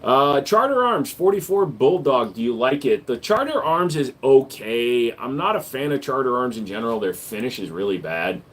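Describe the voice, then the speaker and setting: A man talking casually to his livestream chat, a mid-pitched everyday voice. He answers questions in a laid-back, joking way, with bursts of louder hype when he calls on viewers. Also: sing-song, moderate pace, hardly any pauses. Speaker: livestream host and gun store owner.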